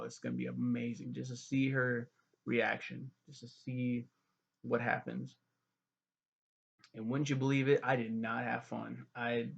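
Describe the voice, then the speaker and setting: A young man reviews a TV show in a loose, profane, animated way, acting out the scenes as he goes. His voice sits at a middle pitch with a heavy gravelly rasp. The recording sounds dull and lo-fi. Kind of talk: casual spoken review.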